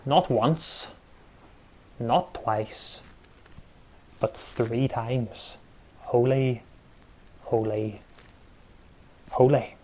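A man preaching a sermon, measured and emphatic, with pauses and repeated words for stress. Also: mid-range voice, darkish tone.

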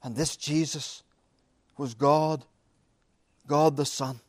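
Male preacher, sermon, emphatic repetition, dramatic pauses, slightly high voice, dry close sound. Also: fairly even intonation, no room sound.

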